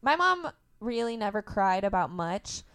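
A young woman from Indiana, a podcast guest in casual conversation, telling lively stories about her family and laughing often. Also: mid-range voice, unhurried, clear, resonant tone. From Indiana, USA. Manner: animated storyteller, laughs often. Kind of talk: casual interview chat.

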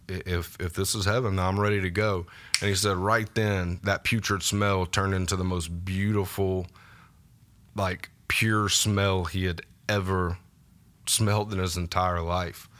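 A man telling a personal faith story as a podcast guest, casual and halting, with many fillers and restarts. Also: deep voice, a bit bright. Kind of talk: personal testimony in a podcast interview. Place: podcast studio.

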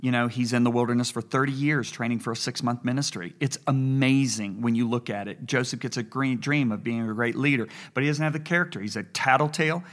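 A man's voice: mid-range voice, quick pace, few pauses. A man in his sixties, a pastor co-hosting a faith talk show, telling stories and acting out dialogue as he preaches. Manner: storytelling, animated retelling of dialogue. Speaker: pastor and co-host. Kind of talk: preaching conversation.

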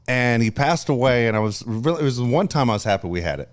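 A man's voice: medium pitch, a little fast, clean tone. A middle-aged man, a father co-hosting a podcast, telling family stories in a laid-back, casual way. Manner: laid-back, animated when acting out his son's yelling. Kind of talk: casual storytelling chat.

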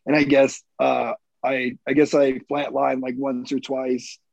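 A man in his thirties with a gravelly, fry-edged voice talks through a personal story in loose, rambling fashion, swearing freely and padding with fillers. The sound is dry and a little dull, with a lo-fi edge. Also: mid-range voice, level tone, unhurried, darkish tone, dry recording. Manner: rambling, profane, many fillers. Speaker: military veteran guest.

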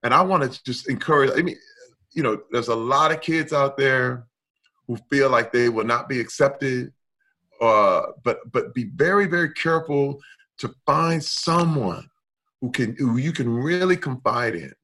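A middle-aged man talking candidly in a conversation, emphatic and expressive, moving between loud and soft. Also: mid-range voice, moderate pace. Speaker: guest.

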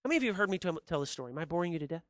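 A male preacher giving a sermon, telling a story in a lively, conversational way and calling out to the congregation. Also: a little high, rapid-fire, no echo. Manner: animated, conversational storytelling with a crowd.

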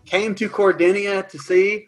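A man narrating as dungeon master, recapping and describing scenes in a lively way with some fillers. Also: high-pitched, faint music behind. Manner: animated, quick recaps with fillers. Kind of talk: tabletop game narration.

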